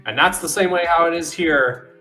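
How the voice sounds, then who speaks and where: A man's voice: fairly high pitch, moderate pace, bright, forceful tone, faint music behind. A man from Colorado, a podcast guest talking in a laid-back, casual way, full of "like". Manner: laid-back, says like a lot.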